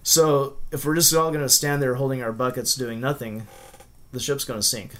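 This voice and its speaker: A man co-hosting and editing a casual podcast chat, hedging and trailing off softly at the ends of his sentences. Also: medium pitch, steady tone, moderate pace. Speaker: podcast co-host and editor.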